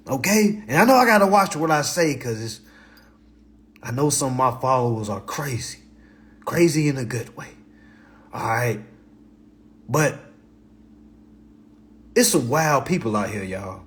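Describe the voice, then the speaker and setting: A man hosting a livestream in a blunt, profane, passionate rant, repeating himself and swinging between loud and low. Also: lively intonation, a little slow, pauses often. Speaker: livestream host.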